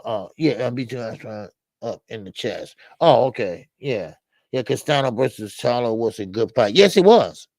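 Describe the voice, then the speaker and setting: An older man with vocal fry hosts a boxing live stream, recorded dry. He chats casually and animatedly with viewers, reacting to chat with lots of repetitive fillers, and his pitch climbs whenever he protests.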